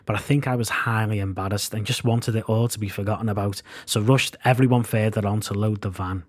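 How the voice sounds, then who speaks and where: A man's voice: on the low side, steady tone, a little fast, faint music behind. Wry man narrating his memoir. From Liverpool, England. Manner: wry, self-mocking storytelling. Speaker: podcast host and narrator.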